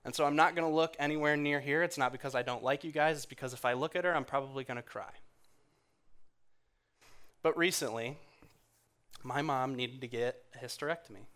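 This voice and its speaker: A man preaching in a church, earnest and conversational, going quiet and soft when he quotes others. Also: medium pitch, a little fast, pauses often. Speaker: guest speaker in church. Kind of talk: sermon.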